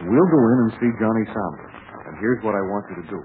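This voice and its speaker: An actor playing a smooth, flattering young adventurer in a 1940s radio drama. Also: male voice, lowish voice, quick pace, close to an everyday voice. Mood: coaxing. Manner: coaxing, flattering. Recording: tinny scratchy 1940s radio broadcast.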